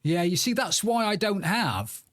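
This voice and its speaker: A chatty man live-streaming a game, rambling along as he plays and greeting viewers by name. His voice sits a touch higher than most men's. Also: big pitch swings, unhurried, a bit bright. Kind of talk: casual live-stream chat while playing.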